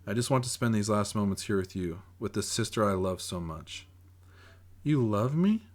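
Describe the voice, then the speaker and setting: A man's voice: fairly low pitch, brisk. A man reading his own novel aloud in first-person audiobook narration, in an earnest, plain way.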